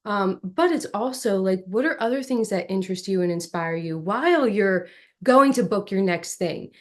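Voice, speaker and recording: A young adult woman, an actress, telling animated stories as an interview guest. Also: medium pitch, moderate pace. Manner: animated, lively storyteller. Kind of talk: storytelling in an interview.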